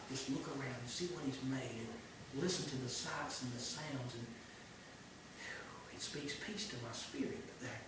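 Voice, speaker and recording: A man teaching a church class in an informal, earnest sermon style, swinging between hushed and emphatic. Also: medium pitch. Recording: echoey room from far off with noise.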